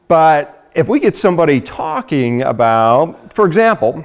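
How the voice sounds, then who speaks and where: A middle-aged man giving a lively sales training talk, acting out conversations and laughing often. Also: fairly high pitch, brisk, few pauses. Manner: animated storyteller, acts out dialogue, laughs often.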